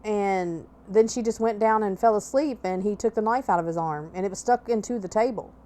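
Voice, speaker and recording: A woman's voice: medium pitch, brisk, dark tone. A woman hosting a podcast, telling a personal story in a blunt, candid way with plenty of swearing. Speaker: podcast host.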